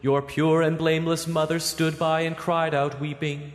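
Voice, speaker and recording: A man reading and chanting liturgical prayers as a church reader, in a steady, even intoning voice. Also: fairly high pitch, moderate pace, soft background music. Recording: long church reverb.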